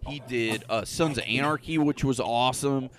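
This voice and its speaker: A man co-hosting a casual podcast chat, rambling and swearing freely, often trailing off quietly. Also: mid-range voice, moderate pace, a little hiss or hum. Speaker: podcast co-host.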